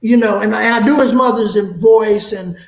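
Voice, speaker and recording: A comedian guest on a chat show, telling animated and profane stories in a casual way. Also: male voice, high-pitched, normal speed, reverberant, rough recording. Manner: animated profane storytelling with laughs.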